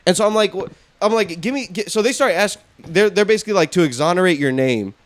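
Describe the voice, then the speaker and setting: A man's voice: high-pitched, quick pace. A man on a podcast telling a story in casual chat, swearing freely and acting out what others said. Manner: animated, profane, acts out quotes. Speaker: podcast host.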